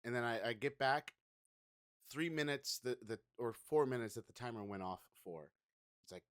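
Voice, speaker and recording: A man co-hosting a podcast, telling a story in a relaxed, rambling way. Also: mid-range voice, normal speed, no room sound, studio quality. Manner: relaxed, rambling, mild self-repeats. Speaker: podcast co-host. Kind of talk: casual storytelling.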